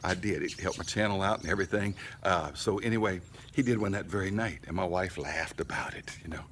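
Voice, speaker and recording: A man's voice: low voice, fairly quick, few pauses, fairly bright tone, slight background noise. A middle-aged man, telling a rambling story casually in his barbecue vlog, outdoors by his smoker. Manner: folksy, rambling, chatty storyteller. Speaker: barbecue channel host.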